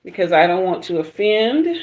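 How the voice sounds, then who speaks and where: A woman with a Southern US accent hosting a casual livestream, chatting with viewers and giving a tarot reading in a relaxed, chatty way. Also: on the low side, a little hiss or hum. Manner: relaxed, chatty, drawn-out pauses. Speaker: tarot reader livestream host.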